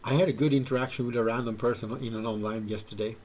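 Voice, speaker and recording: A man's voice: mid-range voice, steady tone, fast talker, a little mellow, slight background noise, poor audio. Rambling man chatting on a craft stream. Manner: rambling, filler-heavy, thinks aloud and chats to viewers. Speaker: live-streaming model maker. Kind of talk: casual live-stream chat while crafting.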